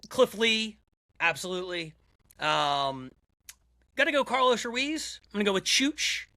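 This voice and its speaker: Upbeat podcast host guy, high-ish voice, dry close sound, lots of um and uh. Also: very animated, unhurried, pushed and bright, no echo. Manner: upbeat, hesitant with fillers when thinking. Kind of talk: casual chat.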